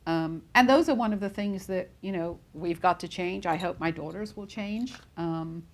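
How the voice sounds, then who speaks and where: A woman's voice: on the low side, moderate pace. A woman in her forties speaking candidly on a panel as a newsroom leader, reflective, with frequent fillers and restarts. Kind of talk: panel discussion.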